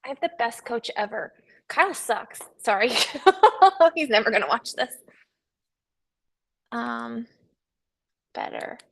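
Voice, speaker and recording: A woman's voice: fairly high pitch, sing-song, takes it slowly, creaky, long pauses. A woman hosting a casual livestream from a studio, chatting and teasing with viewers and crew, often laughing. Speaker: livestream host. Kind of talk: casual chat with live viewers.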